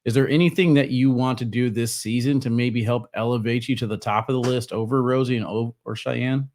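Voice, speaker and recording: A man co-hosts a podcast and puts his questions in a relaxed, informal way. His voice sits at a middle pitch for a man. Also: fairly quick. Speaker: podcast co-host. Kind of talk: casual interview chat.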